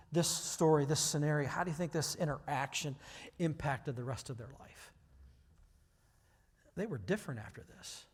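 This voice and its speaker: A male pastor giving a sermon to his church, talking conversationally and rising to loud, emphatic passages. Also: fairly high pitch. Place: church sanctuary. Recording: hall reverb.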